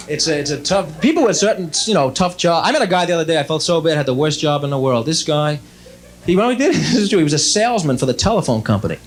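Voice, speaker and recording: A young man doing a stand-up routine on stage, chatty, with quick asides and frequent self-interruptions. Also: on the high side, lively intonation. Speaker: stand-up comedian. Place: stage before a laughing audience.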